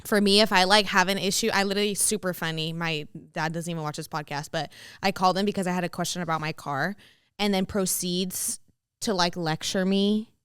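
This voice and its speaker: Chatty woman co-host, smooth and bright, dry close mic. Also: lowish voice, no echo. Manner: expressive, quick reactions and impressions. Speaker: podcast co-host. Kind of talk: casual chat.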